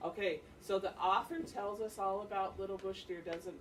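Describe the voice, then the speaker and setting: A woman teacher reading a picture book aloud to her class with expressive storytelling and calling on children by name to answer questions, recorded by a distant camera in a classroom. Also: mid-range voice, moderate pace, a little hiss or hum. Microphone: distant camera mic. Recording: distant mic, faint classroom ambience.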